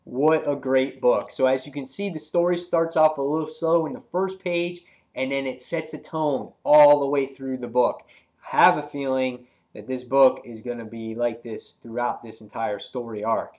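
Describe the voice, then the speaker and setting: A man reviewing a comic book in casual talk, retelling scenes excitedly with many fillers and acting out the characters' lines. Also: mid-range voice, normal speed. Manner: loose and rambling, many fillers.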